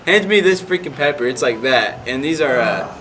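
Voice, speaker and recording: A man's voice: mid-range voice, expressive, normal speed, fairly bright tone. A young man casually telling a rambling story, full of "like" fillers.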